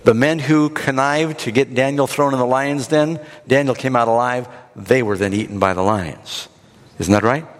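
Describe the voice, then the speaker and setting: A man preaching a sermon, retelling a scripture story in an animated, dramatic way. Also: medium pitch, moderate pace, big-room sound. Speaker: pastor.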